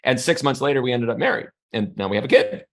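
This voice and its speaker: A man in his thirties from Canada, a podcast guest telling a personal story in a relaxed, rambling way, often restarting his sentences. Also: mid-range voice, fast, creaky. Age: 30s. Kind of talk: casual conversational storytelling.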